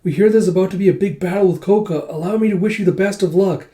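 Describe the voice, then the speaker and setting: A man's voice: high voice, quick pace, warm tone, roomy sound, pitched above the performer's own voice, natural voice. A man voicing a giddy, blushing young woman admirer in a manga read-aloud.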